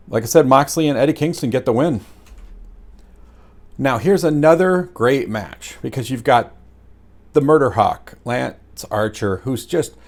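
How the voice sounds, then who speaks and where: Excitable rambling man reviewing wrestling. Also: on the high side. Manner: rambling, excitable, many fillers. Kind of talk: casual solo review.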